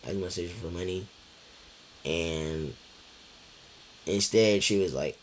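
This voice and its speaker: A man's voice: low-pitched, measured pace, long pauses, slight background noise. A young man telling a personal story in a loose, rambling way, repeating himself, with lots of fillers and swearing. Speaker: vlogger. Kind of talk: casual storytelling chat.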